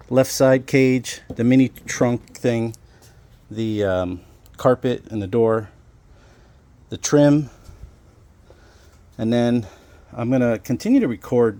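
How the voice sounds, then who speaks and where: A man's voice: mid-range voice, dark tone. Rambling man filming his own car repair. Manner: rambling, self-deprecating, explains as he works. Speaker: DIY car repair vlogger. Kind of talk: casual how-to walkthrough.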